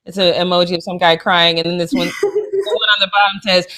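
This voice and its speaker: A woman's voice: lowish voice, lively intonation, brisk, bright, forceful tone. A woman co-hosting a sports talk show, gushing and emotional, with sassy trash talk. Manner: gushing and emotional, with frequent laughs. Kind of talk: casual sports chat.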